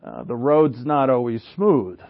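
A man's voice: mid-range voice, animated, unhurried, vocal fry. Man preaching earnestly, muffled recording. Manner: earnest, conversational preaching with asides and rhetorical questions. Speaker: pastor. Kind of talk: sermon.

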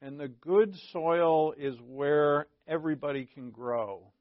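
A man's voice: fairly high pitch, takes it slowly, no echo. Casual, joking pastor, a man with a raised voice. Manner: conversational and joking, often asks "right?". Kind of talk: informal midweek Bible teaching. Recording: dull lo-fi dry recording.

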